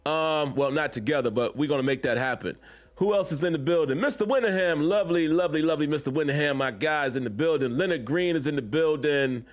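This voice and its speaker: Guy doing a live sports podcast from his basement, laid back, voice a bit on the high side, keeps shouting out chat. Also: quick pace. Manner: casual, repetitive shout-outs to chat viewers. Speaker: podcast host. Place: home basement man cave.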